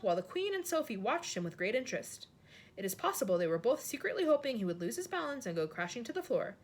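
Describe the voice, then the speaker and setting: Lady reading a kids book out loud, super animated, kinda breathy. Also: fairly high pitch. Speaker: teacher reading aloud. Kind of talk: storybook read-aloud.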